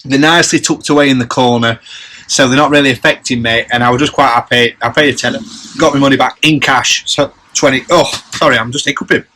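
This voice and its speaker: A man's voice: medium pitch, fairly even intonation, fast, pushed and bright, a little hiss or hum. A man, chatting casually on his vlog and running upbeat tallies of prices and profit. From England. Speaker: reseller vlogger. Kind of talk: casual chat.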